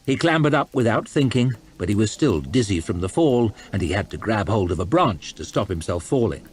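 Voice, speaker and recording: A man reading a novel aloud as storytime narration, expressive with soft low asides. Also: a little fast, husky. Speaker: audiobook reader. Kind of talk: storytime narration over gameplay.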